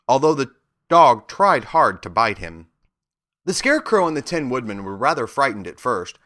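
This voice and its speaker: Expressive male storybook narrator. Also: mid-range voice.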